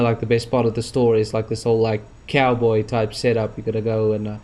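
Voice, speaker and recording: A man's voice: mid-range voice, darkish tone. A man giving rambling let's-play commentary over a space game, with many fillers and restarts. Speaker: gaming YouTuber.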